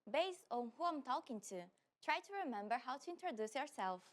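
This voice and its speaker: A woman hosting a scripted beginner lesson as a friendly teacher, slowing down when she repeats example phrases. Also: high-pitched, expressive. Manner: friendly instructional tone, slows down for repetitions. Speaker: language teacher and host.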